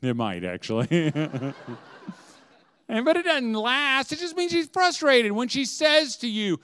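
A man's voice: extremely high pitch, big pitch swings, unhurried, fairly bright tone, smooth. A middle-aged man giving a humorous, inspirational talk to a homeschooling audience, chatty and often laughing as he acts out dialogue. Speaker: speaker at a homeschooling event.

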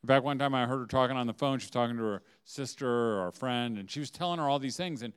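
A man's voice: medium pitch, fast talker, clean tone. A middle-aged man giving a humorous, inspirational talk to a homeschooling audience, chatty and often laughing as he acts out dialogue. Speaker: speaker at a homeschooling event.

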